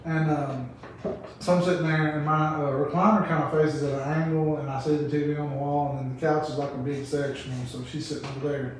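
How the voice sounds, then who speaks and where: A man's voice: little pitch movement, fast. A man, telling stories in a rambling, casual way as a podcast guest. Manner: rambling, laughing, acts out quotes in a high voice. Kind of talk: casual storytelling chat. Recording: roomy echo, mic at a distance, faint room noise.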